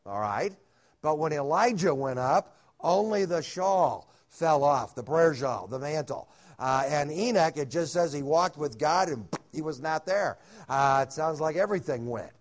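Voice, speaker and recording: A man's voice: on the high side, lively intonation, moderate pace. A man teaching at a Bible conference, talking in a folksy sermon style with frequent "uh" fillers and humorous asides. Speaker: conference speaker. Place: hotel conference room.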